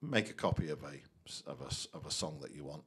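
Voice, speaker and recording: A man casually walking through a software tutorial, chatty and thinking aloud. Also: extremely low pitch, animated, fast, slightly rough. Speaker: tutorial host.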